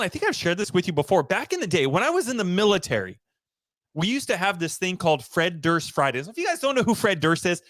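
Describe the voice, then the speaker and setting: A man's voice: fairly high pitch, a bit bright, no room sound, studio quality. A young man hosting a casual livestream show, playful and theatrical, drifting into silly voices, talking over a video call. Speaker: podcast host.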